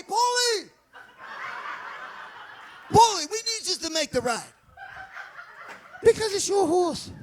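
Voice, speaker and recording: A man's voice: very high voice, exaggerated voice. A man playing a rowdy, profane Boston townie running a colonial meeting, with a Boston accent.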